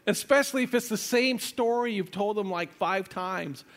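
A man's voice: high-pitched, normal speed, a bit bright. A man preaching a sermon in a conversational, playful way, with frequent asides and restarts. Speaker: pastor.

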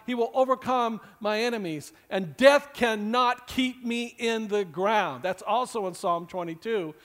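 Man, pastor, sermon, high-pitched voice, earnest, chatty asides. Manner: earnest, conversational preaching with asides.

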